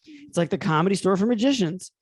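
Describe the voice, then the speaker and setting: A man's voice: high voice, expressive, quick pace, slightly rough, no room sound, studio quality. A young man co-hosting a comedy podcast, rambling and laughing often as he riffs. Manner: rambling, laughs often, drops into silly put-on voices. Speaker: podcast co-host. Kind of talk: casual comedic banter.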